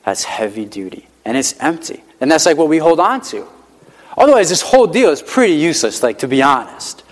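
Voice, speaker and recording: A male pastor preaches a conversational, emphatic sermon, repeating key lines and filling with "like" often. His slightly high voice moves a little fast with big pitch swings, echoing in a hall with long reverb.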